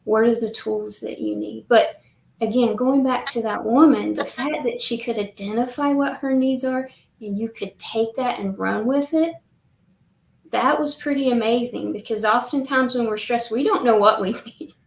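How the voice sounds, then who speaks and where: Gravelly-voiced woman hosting a panel. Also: a little high, normal speed, roomy sound, rough recording. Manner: affirming, many mm-hmms, reflective. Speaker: host. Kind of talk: panel discussion. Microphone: video call.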